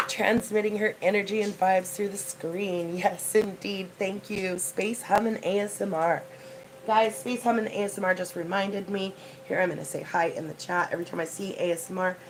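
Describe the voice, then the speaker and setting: Gushy lady doing a tarot stream at home, kinda low voice, rain noise behind. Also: a little mellow. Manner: chatty and effusive, thanks viewers. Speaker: tarot card reader hosting a livestream. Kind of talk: casual livestream tarot reading. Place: home with a door open to the rain. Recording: noisy, rain heard behind.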